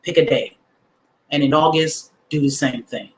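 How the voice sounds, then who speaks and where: A man's voice: a little high, fairly even intonation, moderate pace. A man hosting a livestream, giving a motivational talk to his audience in casual slang, repeating affirmations with emphasis like a preacher. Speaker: livestream host.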